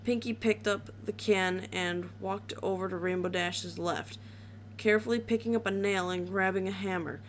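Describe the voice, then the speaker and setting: A woman's voice: medium pitch, fairly even intonation, normal speed, a little hiss or hum. A woman reading a horror story aloud in a casual way, with small slips and restarts.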